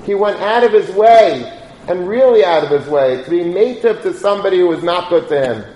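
A man's voice: high-pitched, lively intonation, fairly quick, a little mellow. A man giving a sermon, conversationally telling a story with quoted voices. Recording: echoey room.

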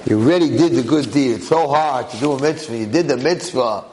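With energetic storytelling and a stream of rhetorical questions, a male rabbi leads a lively Torah class before a live audience. He speaks fairly quickly in a mid-range voice over background noise.

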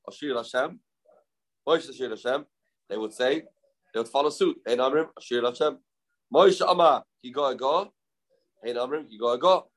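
In this Talmud lecture, the male teacher speaks at a middle pitch, shifting into a sing-song chant for the verses and then back to plain explanation. He keeps throwing questions at the audience and supplying the answers himself.

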